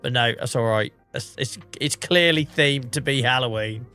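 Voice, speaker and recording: An English man rambles through a casual game livestream, poking fun at himself as he goes. He is under the weather and coughing, and his voice has a bright, forceful edge. Soft music plays faintly behind him. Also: mid-range voice, normal speed. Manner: chatty, rambling, self-mocking. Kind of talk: casual gameplay commentary.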